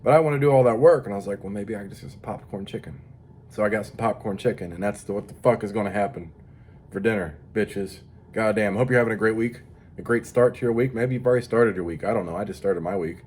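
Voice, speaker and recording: A man's voice: fairly low pitch, fast talker, a little mellow, husky. A tired man rambling through a crude, profane casual monologue as a vlogger. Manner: profane, rambling, mock-tough.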